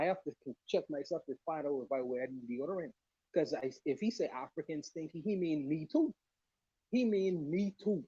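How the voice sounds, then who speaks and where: A fairly high-voiced man with a mellow, husky tone argues with passion on a podcast livestream. He laughs often and drives his points home with emphasis. His remote mic sounds dull and dry. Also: no echo. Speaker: podcast panelist. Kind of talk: casual livestream discussion. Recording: muffled, low-volume remote mic.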